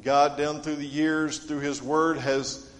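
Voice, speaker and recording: A man's voice: fairly high pitch, flat delivery, slow. Earnest preacher man in a reverberant church. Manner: earnest, dynamic delivery swinging from loud to hushed. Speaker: pastor. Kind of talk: sermon. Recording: long reverb of a church sanctuary.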